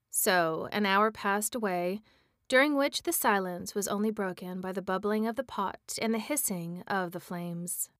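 A woman reading a chapter book aloud as a bedtime story, in a gentle read-aloud manner. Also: medium pitch, no room sound, studio quality.

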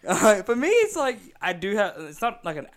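A young Australian man co-hosts a loose, jokey podcast. His voice sits a little high and swings up and down a lot, and he laughs often as he talks. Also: wildly swooping pitch, moderate pace. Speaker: podcast co-host. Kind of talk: casual podcast chat.

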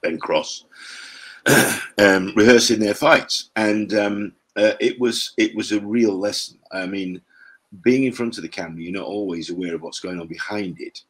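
An older man telling rambling stories as an interview guest, with a low, husky voice. He pauses often and clears his throat between his memories. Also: a bit bright. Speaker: actor, guest. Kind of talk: interview chat, storytelling.

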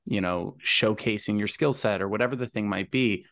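A man hosting a career podcast, thinking out loud as he asks questions and restarts his sentences. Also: on the low side, normal speed, no echo. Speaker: podcast host on job searching. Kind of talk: conversational interview.

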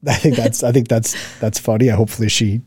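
A man with a mellow, rather dark voice chats casually beside his wife, reacting to viewer comments. He speaks bluntly, swears freely, and wanders through half-finished thoughts. The sound is dry and close. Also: medium pitch, little pitch movement, fast, slightly rough, no room sound. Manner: rambling, blunt and profane, trails off and restarts. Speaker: co-host, husband.

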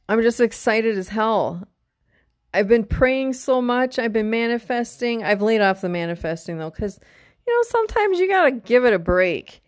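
A middle-aged woman talks straight into the mic in a relaxed solo podcast, candid and heartfelt, with plenty of casual swearing. Her voice sits at an ordinary pitch for a woman. The sound is close and dry, with no room around it. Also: smooth, no room sound. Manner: emotional, openly tearful at times. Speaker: podcast host.

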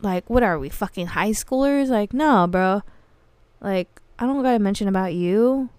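A young woman tells a story in a blunt, animated way, full of slang and swearing. Her voice is smooth and clear. The sound is close and dry. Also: medium pitch, moderate pace, dry recording. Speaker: podcast host. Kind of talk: casual storytelling monologue.

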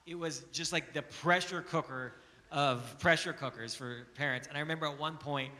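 A man preaching a sermon, building from calm talk to loud, urgent pleading. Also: fairly high pitch, normal speed. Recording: long hall reverb.

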